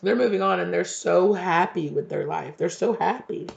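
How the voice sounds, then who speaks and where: A man chats through a casual tarot reading in a slangy, emphatic way. His voice sits fairly high and has a gravelly edge. The recording sounds dull and lo-fi. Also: moderate pace, a little hiss or hum. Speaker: tarot reader.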